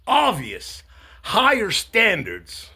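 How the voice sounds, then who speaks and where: Slow husky guy ranting sarcastically to the camera, lots of ums, swoopy voice. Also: high-pitched, huge pitch swings, pushed and bright. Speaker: commentator.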